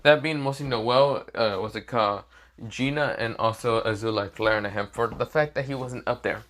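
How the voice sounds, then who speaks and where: The man's voice is mid-range and fairly bright, and he talks briskly. Off the cuff, he rambles through a fan story, repeating fillers such as "this is where, well, mostly."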